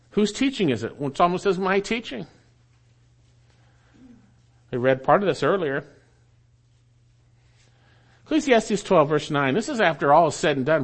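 A man preaching a Sunday sermon. He teaches emphatically, asks his listeners questions and explains verses plainly. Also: high voice. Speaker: pastor.

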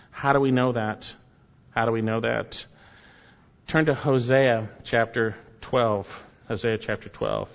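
A man preaching a sermon, asking rhetorical questions and repeating key phrases, his voice swinging from high and loud to low and quiet. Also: fairly even intonation, a little slow, gravelly. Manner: repeats key phrases, rhetorical questions, rises and drops sharply in pitch and volume. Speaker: pastor. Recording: dull sound in a hall with long echo.

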